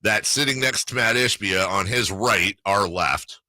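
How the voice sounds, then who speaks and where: A man hosting a sports radio show, telling animated stories in casual banter. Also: fairly low pitch, no echo. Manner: animated storyteller, excitable, quick asides. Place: radio studio.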